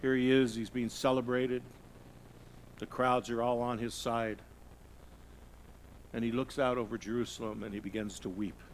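A middle-aged male pastor preaching a sermon, swinging from loud emphasis to hushed, low passages. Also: little pitch movement, normal speed, long pauses, slight background noise.

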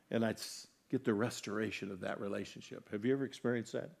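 A man preaching a sermon, earnestly putting questions to his congregation and moving between loud, emphatic lines and soft, quiet ones. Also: medium pitch, fast talker, gravelly. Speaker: pastor.

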